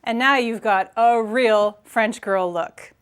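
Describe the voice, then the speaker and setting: A woman with a fairly high voice talks through a thrift haul in a casual fashion vlog. Her delivery is chatty and playful, and she leans on emphasis to make her points. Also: slow, clean tone. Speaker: style vlogger.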